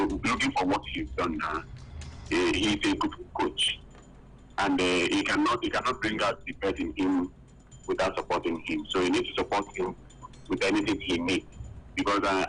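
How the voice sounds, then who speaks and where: Male caller, husky, lowish pitch, halting, lots of restarts. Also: bright, forceful tone, low-quality recording. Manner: halting, many fillers and restarts. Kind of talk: phone-in opinion.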